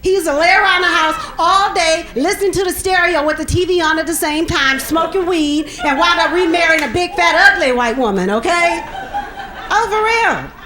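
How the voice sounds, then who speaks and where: A woman's voice: very high-pitched, normal speed, background noise. A middle-aged woman doing a stand-up comedy set, sassy and punchy, laughing at her own jokes.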